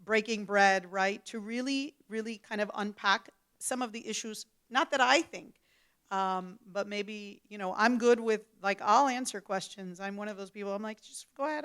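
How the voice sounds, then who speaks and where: A middle-aged woman speaking casually on a panel, relaxed, repeating words and adding playful asides. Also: mid-range voice, clean tone.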